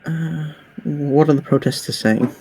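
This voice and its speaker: Gravelly, hesitant man playing a tabletop game. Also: on the high side, unhurried, dark tone. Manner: hesitant, full of restarts and fillers. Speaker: player.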